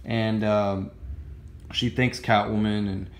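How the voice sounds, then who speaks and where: A man's voice: on the low side, slow pace, roomy sound, a little hiss or hum. A man casually reviewing a comic book, rambling and gushing with many fillers and restarts. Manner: excited, gushing.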